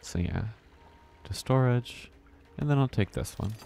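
A man's voice: medium pitch, expressive, unhurried, creaky, dark tone, slight background noise. A man thinking aloud and swearing casually while live-streaming a video game.

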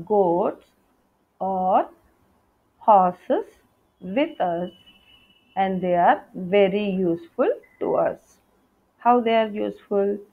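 A woman teacher giving a patient lesson to young schoolchildren, spelling out words letter by letter. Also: mid-range voice. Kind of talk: online class lesson for young children. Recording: tinny phone-like audio.

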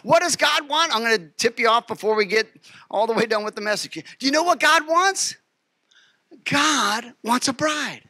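A man preaching a sermon as pastor, animated and emphatic, repeating phrases and putting questions to the congregation. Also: very high-pitched, a little fast, dry recording. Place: church.

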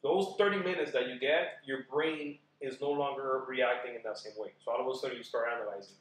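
A man chatting as a podcast guest about marriage, animated and acting out quoted voices as he talks. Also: mid-range voice, fairly quick, reverberant, a little hiss or hum, low-quality recording. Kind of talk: casual podcast chat.

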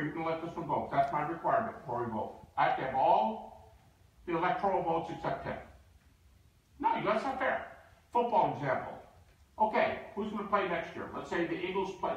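A man giving an emphatic, animated lecture with stories, acting out the people he quotes. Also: high-pitched. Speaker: guest lecturer. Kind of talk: lecture with storytelling. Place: university lecture hall. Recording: echoey hall, distant mic.

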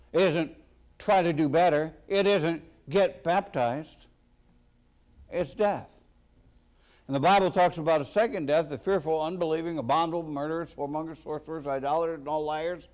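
A man preaching a sermon as a pastor, slow and deliberate with sudden loud emphatic bursts. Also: fairly high pitch.

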